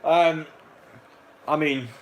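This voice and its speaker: A man's voice: fairly high pitch, fairly even intonation, extremely slow, slight background noise. A young man, casually commentating a football match live and chatting to viewers in a rambling way. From North East England. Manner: rambling, filler-heavy, reacts to chat.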